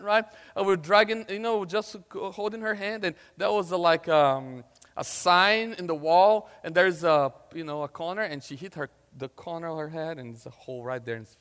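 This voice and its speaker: A middle-aged male pastor preaching and telling a personal story, swinging between loud and hushed. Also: high-pitched, clear, resonant tone, long reverb tail.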